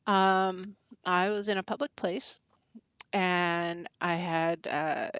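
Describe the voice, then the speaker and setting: A woman with a fairly low voice, rambling through a casual livestream chat with plenty of ums and restarts. Her remarks are wry and blunt. The sound is dull and lo-fi, and very dry. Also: steady tone, a bit bright, smooth, no echo. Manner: halting and rambling, many fillers and restarts. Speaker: pagan witch hosting a channel.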